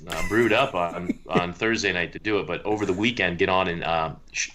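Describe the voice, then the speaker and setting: Deep, bright-toned laid-back man. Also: brisk, a little hiss or hum. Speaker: podcast co-host. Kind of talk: casual podcast chat.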